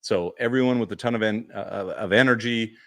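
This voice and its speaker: A little fast, this male co-host gives a casual podcast recap of convention tales. His storytelling is lively, and he voices other people's words with big pitch swings.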